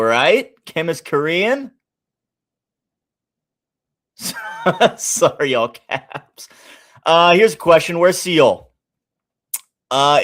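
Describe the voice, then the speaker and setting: A man with a Midwestern American accent hosting a live sports stream, chatting casually, thinking aloud and shouting out viewers in the chat. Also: mid-range voice. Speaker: sports betting stream host.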